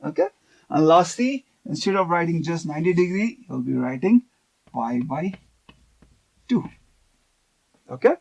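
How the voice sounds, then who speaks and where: A man's voice: on the high side, big pitch swings, measured pace, vocal fry, long pauses, darkish tone. A man teaching a math lesson on video, explaining step by step and often checking in with "okay".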